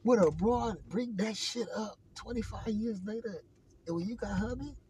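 A man's voice: sits high, normal speed, darkish tone, slight background noise. A man co-hosting a podcast in casual chat, laid-back and joking, cursing freely.

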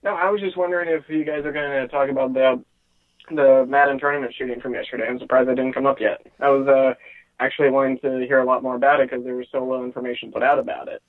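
A man's voice: mid-range voice, fairly even intonation, fast. A man calling in to a show, talking casually with many hesitations and small laughs. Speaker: caller. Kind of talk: casual call-in chat. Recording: tinny phone line.

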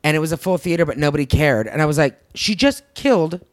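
A woman's voice: low-pitched, rapid-fire, no echo. A woman co-hosting a podcast in casual chat, playful and teasing. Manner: playful, teasing, swoops up for emphasis. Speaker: podcast co-host.

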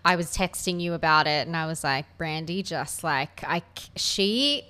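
Aussie woman on a podcast, lowish voice, gossipy and chatty. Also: animated, moderate pace, bright, forceful tone, smooth. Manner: chatty, gossipy, laughs often. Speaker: podcast co-host. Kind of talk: casual chat.

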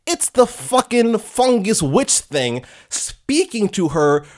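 A young man hosting a casual chat, recapping a story in an animated way and acting out characters' lines with laughter and swearing. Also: sits high, slow pace. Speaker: podcast host reviewing comics.

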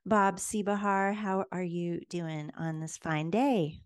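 A woman hosting a podcast, bubbly and quick to laugh in casual chat. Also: on the low side, clear, resonant tone, dry recording. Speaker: podcast host.

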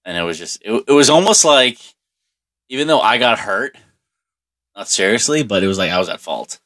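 Deep, bright-toned man. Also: animated, moderate pace. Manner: rambling, profane, with many restarts and fillers. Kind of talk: casual storytelling monologue.

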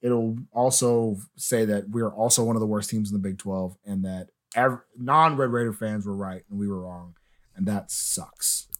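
A young adult man hosting a casual sports podcast, chatty and opinionated, often letting his sentences trail off low. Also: steady tone, moderate pace, hardly any pauses. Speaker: podcast host.

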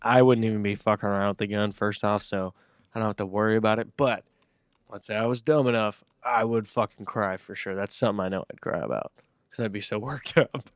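A man's voice: lowish voice, fairly quick, no room sound, clean studio sound. A man talking bluntly in a casual podcast chat, full of "like" and "dude". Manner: blunt, swears, says "like" and "dude" a lot. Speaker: podcast co-host.

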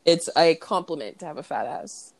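A woman's voice: sits low, lively intonation, normal speed, vocal fry, no echo. A young woman co-hosting a podcast, laughing a lot and swearing as she retells movie scenes in casual chat. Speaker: podcast co-host.

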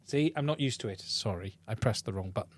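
A man's voice: on the low side, animated, fast, slightly rough, no echo. A man hosting a casual live-stream podcast, chatting in a rambling way with lots of fillers and restarts. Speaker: podcast host. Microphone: podcast mic into a mixing console.

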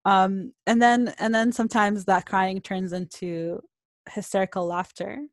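A young woman talks openly in a relaxed podcast chat. She laughs often as she speaks. Her voice is recorded close and dry. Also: mid-range voice, measured pace, no echo. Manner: laughs often, emotional and open. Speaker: podcast co-host. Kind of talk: casual chat.

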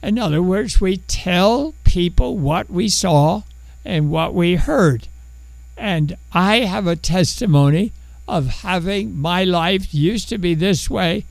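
Male preacher, high lively voice with gravelly edges, animated storytelling sermon, dry sound. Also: no room sound, low-quality recording. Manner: animated storytelling, acts out biblical characters. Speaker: pastor.

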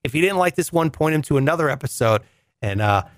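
A male podcast host with a naturally high voice, talking in a loose, chatty way as he thanks listeners. His pitch swings up and down a lot. The recording is close and dry, with no room sound. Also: lively intonation, fast talker, no room sound. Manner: chatty, reading listener shout-outs. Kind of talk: casual podcast outro.

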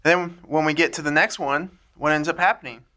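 A man's voice: a little high, fairly even intonation, fairly quick, bright, forceful tone. A man giving an informal, earnest teaching talk to a small church group, laying out ideas step by step in a conversational way.

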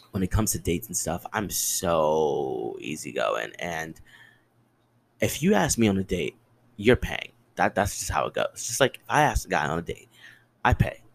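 A young man in his twenties hosts a solo podcast, telling stories in a casual, profane and dramatic way. His voice sits low, but his pitch swings widely as he jumps between his own questions and answers. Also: vocal fry, slight background noise. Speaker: podcast host. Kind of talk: casual storytelling monologue.

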